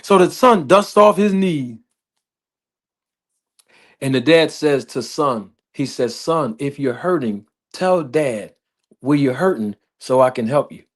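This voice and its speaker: A man telling a story slowly and deliberately, repeating phrases as he builds it up. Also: mid-range voice, animated. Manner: slow, deliberate, repetitive storytelling with laughs. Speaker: podcast host. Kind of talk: slow storytelling.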